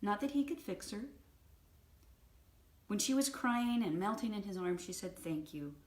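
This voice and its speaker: A woman's voice: medium pitch, moderate pace. Woman telling a story in an echoey room. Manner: vivid, animated storytelling. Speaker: host reviewing a book. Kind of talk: storytelling book review. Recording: roomy echo.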